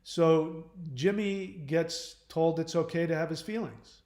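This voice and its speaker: Male host, casual rambling delivery, slightly high pitch, recorded in a reverberant room. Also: slow pace, darkish tone. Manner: rambling, with frequent restarts and fillers. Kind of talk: casual livestream talk.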